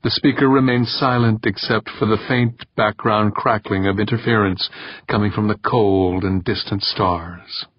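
A man narrating an audiobook in a steady, measured reading. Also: on the low side, no room sound, muffled recording. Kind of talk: scripted narration.

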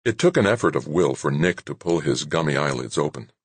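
A man narrating an audiobook in an expressive storytelling manner. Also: very deep voice, fairly quick, breathy edge, dry recording.

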